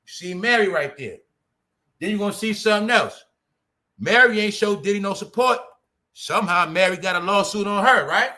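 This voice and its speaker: At a normal speed, a commentary show host from New York chats casually about celebrity gossip in a high, bright voice. He's animated, imitates voices, and speaks to his audience as "y'all."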